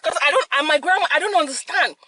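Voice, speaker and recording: A young woman hosts a mukbang, telling a story in a lively, laughing way and dropping in Yoruba phrases. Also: extremely high pitch, quick pace, low-quality recording. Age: young adult. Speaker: mukbang host. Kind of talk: casual storytelling while eating.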